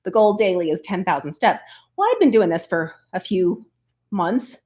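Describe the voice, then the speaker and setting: A woman's voice: fairly low pitch, animated, normal speed, darkish tone. A woman who coaches online business, talking to her viewers in an earnest, chatty way and often calling them "you guys". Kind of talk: casual motivational vlog talk.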